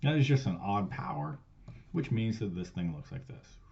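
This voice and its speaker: A man's voice: fairly low pitch, sing-song, normal speed, muffled recording. Casual, swearing man teaching math. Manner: loose and profane, swears casually while explaining; jumps between loud stressed words and quiet trailing asides. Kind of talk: casual recorded math lesson.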